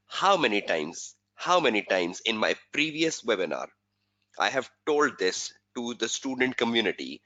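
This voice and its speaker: A man's voice: medium pitch, bright, forceful tone. A male exam tutor giving a webinar lecture, repeating key points and quizzing students with rhetorical questions. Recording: dull lo-fi webinar audio.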